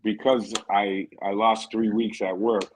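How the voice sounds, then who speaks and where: A man's voice: on the low side, level tone, unhurried, slight background noise, rough recording. A man guesting on a podcast, telling stories in a rambling, casual way and often checking in with "you know what I mean". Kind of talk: casual storytelling.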